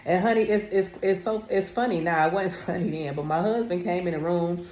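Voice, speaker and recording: Low-voiced woman chatting in echoey room. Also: a little fast, darkish tone, slight background noise. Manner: chatty and emphatic, addresses viewers as honey. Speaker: wellness vlogger. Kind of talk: casual talk to camera.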